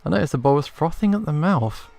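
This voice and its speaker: A man's voice: a little high, expressive, fast talker, creaky, darkish tone, no room sound, soft background music. A man voicing a boastful, self-assured male hunter telling a story in a video game.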